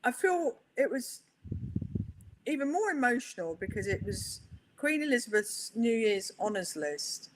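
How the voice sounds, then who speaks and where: A middle-aged woman, a guest on an interview podcast, telling stories in a chatty, animated way. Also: on the high side, unhurried, slight background noise. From England. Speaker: guest, pool player. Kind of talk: interview conversation.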